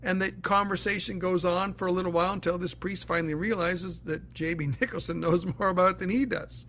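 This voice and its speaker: A man's voice: sits high, steady tone, brisk, fairly bright tone, slight background noise. A man teaching the Bible in a casual, earnest way, answering listener questions and explaining step by step.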